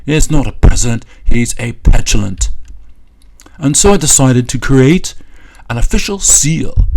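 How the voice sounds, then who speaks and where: Scornful man, gravelly voice. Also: medium pitch, darkish tone. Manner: scornful, stop-start delivery with many fillers. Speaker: political commentator. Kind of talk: mocking satirical commentary.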